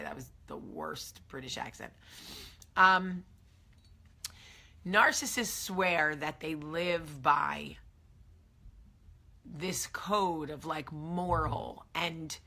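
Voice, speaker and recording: A woman's voice: low-pitched, gravelly, bright, forceful tone. A woman in her thirties hosting a casual morning chat to camera, chatty and emphatic with many fillers and asides. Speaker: host.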